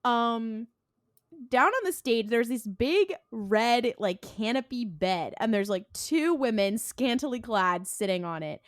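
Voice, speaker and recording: A woman's voice: a little high, unhurried, no room sound, studio quality. A young woman co-hosting a podcast, casually recapping an episode and acting out the characters' lines with lots of laughter. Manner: animated retelling, voices characters, laughs often. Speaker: podcast co-host. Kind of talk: casual recap with acted quotes.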